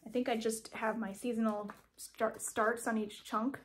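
A woman's voice: fairly high pitch, flat delivery, normal speed, slight background noise. A woman vlogging about her cross stitch projects at home, chatty and rambling, correcting herself with frequent ums. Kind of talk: casual show-and-tell vlog. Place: home craft room.

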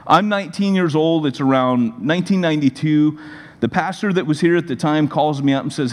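A man in his forties, a pastor, giving a sermon in a conversational, animated storytelling manner. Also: on the high side, fairly quick. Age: 40s. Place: church sanctuary. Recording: long reverb of a large hall.

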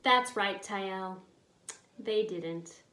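A woman's voice: medium pitch, drawn-out words, bright, forceful tone, a little hiss or hum. A woman teaching a children's Bible lesson, patient and kindly, often asking the children questions. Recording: echoey room.

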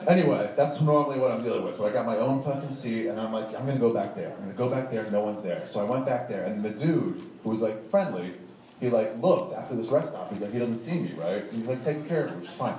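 A man's voice: mid-range voice, animated, fast talker, mellow. A man telling a rambling, profane comic story on stage, laughing along as he goes. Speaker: stand-up storyteller. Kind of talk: live comedic storytelling. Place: live show venue with audience. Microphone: distant audience recording. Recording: echoey distant live room recording with noise.

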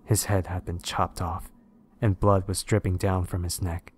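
A man narrating scary stories in a steady, measured way. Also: low voice, a little hiss or hum. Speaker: horror story narrator. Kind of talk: scripted narration of horror stories.

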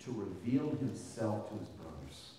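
A man preaching a sermon with passion, his voice rising to loud peaks as he reads scripture. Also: lowish voice, sing-song, a little slow, a little hiss or hum. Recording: echoey hall, from a distance.

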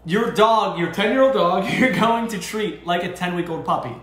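A man giving casual dog training advice as a co-host, talking in an animated way. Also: moderate pace. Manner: animated, jumps into high acted voices for owners. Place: dog boarding facility room. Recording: echoey room.

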